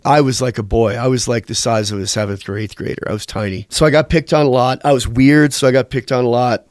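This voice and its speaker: A man in his fifties, a former band bassist, telling candid, profane stories in a rambling interview. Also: steady tone, fast, dry recording, studio quality.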